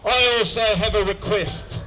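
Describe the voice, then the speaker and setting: A man voicing a terrified Frenchman who shouts out a plea in a told joke. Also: high voice, fairly even intonation, a little slow, a faint crowd, poor audio. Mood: panicked. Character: terrified Frenchman, male adult, panicky.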